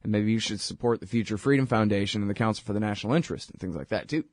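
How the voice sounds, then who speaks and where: A man hosting his own radio show, talking in a rambling, wry, conversational way full of quick asides. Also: fairly low pitch, no echo, studio quality. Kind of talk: casual monologue.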